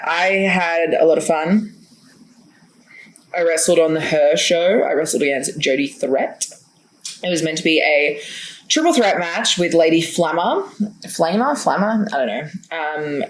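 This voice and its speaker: A woman's voice: sits low, a little hiss or hum, rough recording. A woman hosting a podcast in a chatty, teasing way, with lots of fillers. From Australia. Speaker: podcast host, wrestler. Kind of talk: casual chat.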